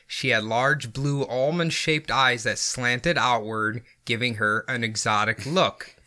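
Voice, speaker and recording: A man's voice: mid-range voice, takes it slowly, bright, forceful tone. Giggly man narrating a podcast story. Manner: giggly, often laughing through his reading.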